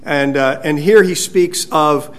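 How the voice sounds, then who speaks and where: A male pastor preaching a sermon in a church, conversational and halting, with frequent restarts. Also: fairly high pitch, clear, resonant tone. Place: church sanctuary.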